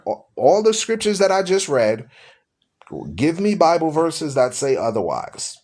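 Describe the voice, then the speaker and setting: A man's voice: on the high side, very animated, unhurried, darkish tone. A man hosting a live-streamed religious talk show, speaking to his listeners in a preachy, repetitive way. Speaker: radio show host.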